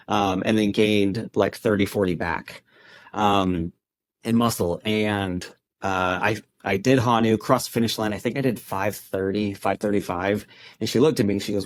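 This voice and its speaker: Speaking in a lowish voice on a dry recording, a podcast guest who founded an endurance club recounts a personal story conversationally, performing the lines others said to him.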